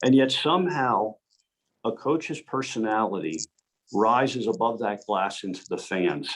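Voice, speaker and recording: A man, a hockey referee as guest speaker, telling animated anecdotes with frequent restarts over a video call. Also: fairly low pitch, unhurried, husky. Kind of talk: storytelling presentation.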